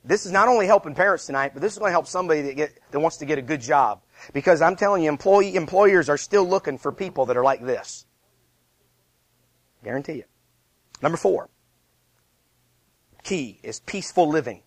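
Pastor guy in his 30s preaching, kinda high voice, dry close sound, keeps firing off "how about" questions. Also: fairly quick, long pauses, no echo. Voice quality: emphatic, repeats rhetorical questions. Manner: lively, conversational preaching with self-deprecating asides. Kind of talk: sermon.

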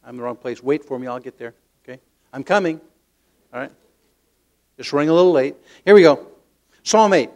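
Older man preaching with animated storytelling. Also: mid-range voice, brisk, pauses often. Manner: animated storytelling, acts out inner voices, drops to soft tender tones; repeats words while searching. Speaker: pastor. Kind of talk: sermon.

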